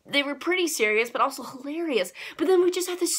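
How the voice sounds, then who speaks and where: Bright, gushing young woman. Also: quick pace. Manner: gushing, animated, with big excited pitch jumps. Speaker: anime reviewer. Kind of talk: excited casual review.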